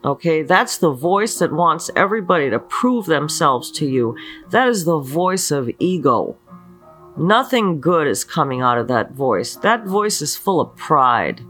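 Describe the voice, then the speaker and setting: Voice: medium pitch, sing-song, unhurried, a bit bright, soft background music. A spiritual teacher giving an earnest motivational talk, asking many rhetorical questions and often checking in with the listener. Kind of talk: slow motivational spiritual talk leading a mantra.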